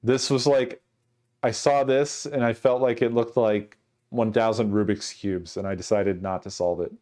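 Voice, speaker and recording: A man's voice: on the low side, fairly even intonation, moderate pace, a little mellow. A man streaming and chatting casually with his viewers, ranting in mock exasperation while he sorts things. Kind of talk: casual livestream chat.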